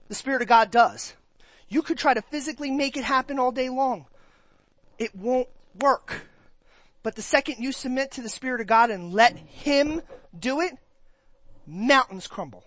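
A pastor gives a conversational sermon to his church, sitting high in pitch on a dry recording. He's animated, posing questions to the congregation and acting out their reactions in quick put-on voices.

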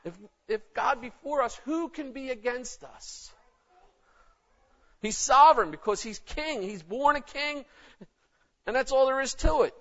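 A man's voice: very high-pitched, normal speed, a bit bright. A man preaching a sermon in an emphatic, conversational way. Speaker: pastor. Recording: dull lo-fi recording.

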